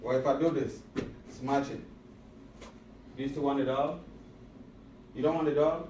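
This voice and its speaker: A man delivers a motivational talk to a room of high school students, hammering each point through repetition and questions to the crowd. His voice carries from well away from the microphone and rings around an echoey hall, with a faint hum of room noise underneath. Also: steady tone, moderate pace, muffled recording. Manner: emphatic and repetitive, asks the audience questions. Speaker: motivational speaker. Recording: echoey room recorded from a distance.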